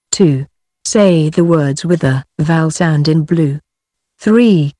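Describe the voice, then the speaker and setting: Slow, mellow woman reading instructions. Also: sits low, dry recording, clean studio sound. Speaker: textbook audio narrator. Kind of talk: instructional narration.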